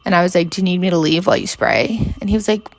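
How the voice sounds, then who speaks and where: This woman in her twenties is hosting a podcast from her bedroom, hungover and rambling through a casual chat thick with fillers and swearing. Her pitch is fairly low, she talks fast, and there's no echo.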